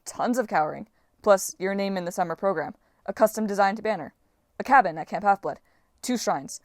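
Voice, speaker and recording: A woman's voice: mid-range voice, fairly quick, dry recording, clean studio sound, lightly acted. A woman voicing a persuasive young demigod hero.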